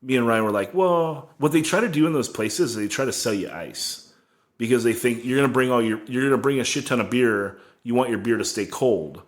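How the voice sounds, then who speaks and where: A man's voice: mid-range voice, animated, brisk. A man in casual podcast chat, rambling through a tour story with constant "like" fillers.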